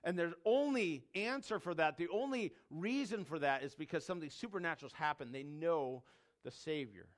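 A man's voice: a little high, lively intonation, normal speed. A man preaching a sermon, emphatic, repeating key words and dropping his voice when quoting scripture. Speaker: pastor.

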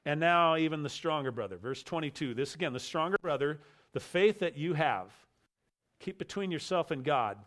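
A man preaching an expository sermon, emphatic, repeating key phrases and slowing down to stress them. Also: a little high, expressive, a bit bright. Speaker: pastor.

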